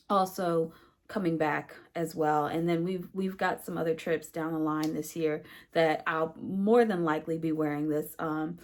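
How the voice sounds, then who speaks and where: A woman vlogger chatting casually to the camera about her sewing projects, with frequent fillers and a friendly, talkative manner. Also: sits low. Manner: chatty, many fillers, says "y'all" and "you guys".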